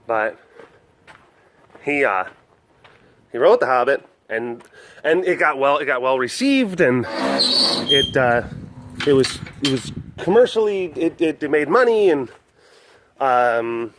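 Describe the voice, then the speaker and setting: A man's voice: mid-range voice, big pitch swings, takes it slowly, pauses often, a bit bright. A young man vlogging casually at a wild animal facility, telling a story in a chatty, rambling way full of restarts and little laughs.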